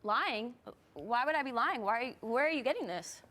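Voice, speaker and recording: A woman's voice: fairly high pitch, lively intonation, normal speed, pushed and bright. An actress playing a vain, insecure young woman who is flustered, defensive and desperate for praise, in a comedic student film.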